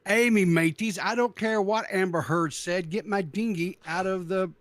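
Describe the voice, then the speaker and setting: A man's voice: high-pitched, normal speed, no echo, close to an everyday voice. A man voicing a modern-day pirate who pleads to get his impounded boat back, in an improvised comedy bit on a livestream. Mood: pleading. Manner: growling pirate talk.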